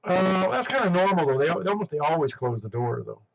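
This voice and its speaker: A man's voice: sits high, sing-song, fast talker, creaky, slight background noise, rough recording. A man hosting a ham radio net on a headset, chatting casually and rambling with lots of restarts. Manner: rambling, chatty, self-interrupting.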